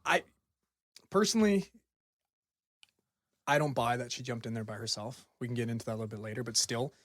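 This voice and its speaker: A young man with a middle-of-the-road pitch, talking into a close, dry mic. He tells his story with excited energy, jokes around and laughs often. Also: fairly quick, no echo. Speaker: podcast co-host. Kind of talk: casual chat.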